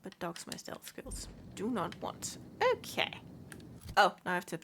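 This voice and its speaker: This let's play streamer has a lowish, slightly bright voice and an unhurried pace, with slight background noise. She chats to herself and her pets during casual gaming commentary, letting out squeals and swears as the game goes on.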